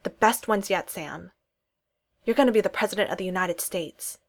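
A woman's voice: fairly low pitch, normal speed. A woman voicing a brash, teasing male political aide in a story reading, boisterous and joking. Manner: boisterous, joking, then suddenly intense.

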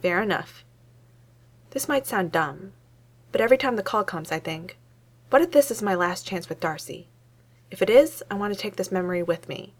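A sheepish, earnest young man admits his feelings in a storybook read-aloud, as a woman reads his lines. He speaks haltingly and sincerely. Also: medium pitch, animated, lightly acted.

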